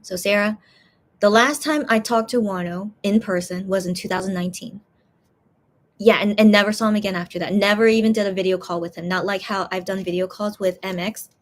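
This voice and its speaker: A woman's voice: medium pitch, fairly even intonation, fairly quick. A tired woman hosting a casual livestream, chatting in a rambling way and reading fan comments aloud. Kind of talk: casual chat.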